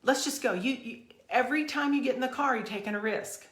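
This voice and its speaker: A woman's voice: a little high, a little fast, fairly bright tone. A woman hosting her own podcast, delivering a fervent, emphatic motivational rant full of repeated phrases. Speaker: podcast host. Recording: echoey room.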